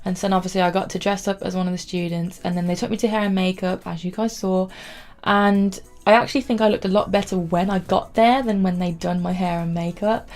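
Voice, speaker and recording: A woman's voice: fairly low pitch, fairly even intonation, fairly quick, a little mellow. A young woman chatting to camera in a rambling storytelling way, saying "like" often. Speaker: vlogger.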